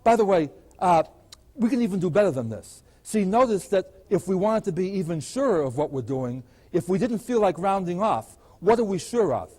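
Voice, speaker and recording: An older man teaching math at a blackboard, his voice sitting a little high for a man. He explains each step patiently and keeps asking the class rhetorical questions as he goes. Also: expressive, moderate pace, darkish tone. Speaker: math professor. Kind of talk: chalkboard math lecture.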